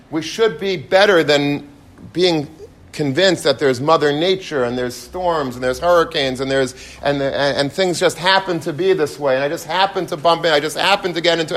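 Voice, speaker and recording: A man giving an informal sermon, telling stories with energy and building into passionate exhortation. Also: a little high. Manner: animated storyteller, rising to passionate exhortation. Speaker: rabbi giving a Torah talk.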